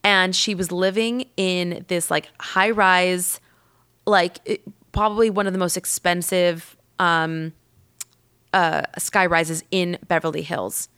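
A woman podcast host telling a rambling personal story in casual chat, with lots of "like" and lively acted-out quotes. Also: on the low side, takes it slowly, clear, resonant tone. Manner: chatty and rambling, heavy use of "like"; lively, acts out quoted people.

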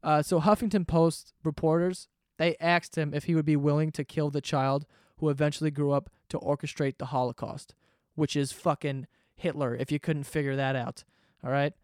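A man's voice: fairly high pitch, flat delivery, normal speed, darkish tone, clear, resonant tone, no room sound, clean studio sound. A man ranting sarcastically and swearing freely in a casual comedic monologue, host of his own podcast.

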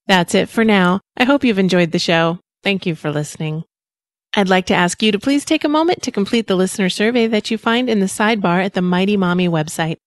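A woman's voice: medium pitch, no room sound, clean studio sound. A woman in her thirties hosting a parenting podcast, reading friendly scripted narration.

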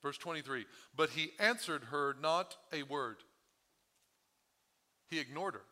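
A man's voice: fairly high pitch, unhurried, pushed and bright. A male pastor preaching a sermon, his voice strained from overuse, talking with the congregation and asking them questions. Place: church sanctuary.

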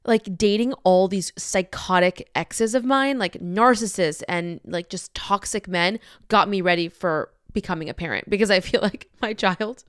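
A woman's voice: mid-range voice, smooth, no room sound, clean studio sound. A woman hosting a podcast in a casual, rambling, candid chat, swearing freely. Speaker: podcast host.

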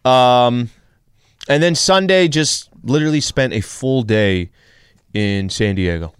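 A man's voice: mid-range voice, takes it slowly, smooth, dry recording, studio quality. A man hosting a sports radio show, chatting in a laid-back, joking way. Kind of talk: casual sports radio banter. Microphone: studio microphone.

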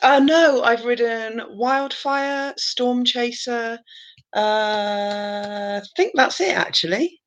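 A woman with a British accent, a podcast guest in casual chat, eager and sometimes pausing to search for words. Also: fairly high pitch.

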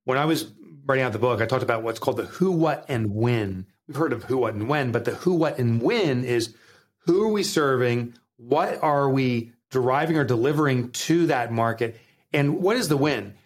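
Animated man with a Jersey accent. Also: medium pitch, moderate pace. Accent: New Jersey. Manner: animated storytelling, acts out quotes. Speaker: guest author. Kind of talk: podcast interview.

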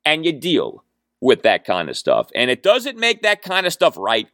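A man's voice: a little high, wildly swooping pitch, moderate pace, pushed and bright, no echo, clean studio sound. A man in his forties hosting a sports talk podcast, delivering an emphatic, argumentative opinion monologue and often asking "okay?". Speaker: podcast host.

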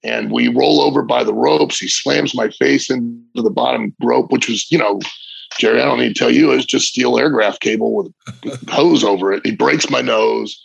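A man's voice: mid-range voice, normal speed, creaky, slightly rough, no echo. A middle-aged man, a former wrestler, telling rambling, vivid stories in a casual interview, often restarting his sentences. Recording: dull lo-fi recording.

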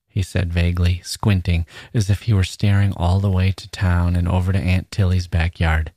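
A podcast host reads a short story aloud in a measured, dramatic way. His voice is deep, and the recording is close and dry, with no room sound. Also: flat delivery, mellow, no echo.

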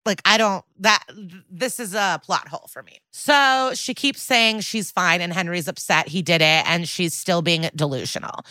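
A woman's voice: lowish voice, moderate pace, bright, forceful tone, no room sound. A woman co-hosting a podcast, recapping a TV episode in a sarcastic, casual way and acting out the quoted lines. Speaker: podcast co-host.

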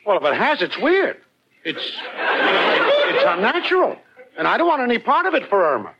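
A lazy, wisecracking slacker boyfriend with a high voice that leaps all over. The old radio recording is muffled and smothered in loud hiss. It plays as 1940s radio comedy. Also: huge pitch swings, moderate pace, vocal fry, exaggerated voice. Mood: sly. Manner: wisecracking, sly. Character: lazy, work-shy boyfriend.

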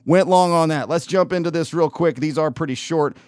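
Spinning a loose, casual story, this podcast host keeps restarting, filling pauses, and laughing as he goes. He talks fairly quickly at a fairly high pitch with a darkish tone, in a dry, clean studio recording.

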